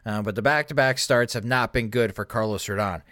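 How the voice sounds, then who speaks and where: A man hosting a casual sports talk show, running through stats briskly and turning questions to his co-host. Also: fairly low pitch, a bit bright, no echo, studio quality. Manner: brisk, stat-heavy, addresses co-host. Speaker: podcast host.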